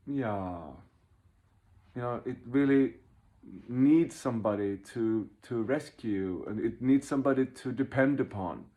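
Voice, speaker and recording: A man leading a workshop, talking fast and animatedly, laughing at himself and acting out inner voices as he explains. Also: fairly low pitch, darkish tone. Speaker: workshop leader. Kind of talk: informal teaching talk.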